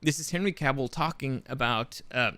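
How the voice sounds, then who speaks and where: A man's voice: medium pitch, moderate pace, bright, forceful tone, clear, resonant tone, no echo. Rambling, swearing male podcast host. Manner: rambling with frequent restarts and profanity. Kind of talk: casual commentary monologue.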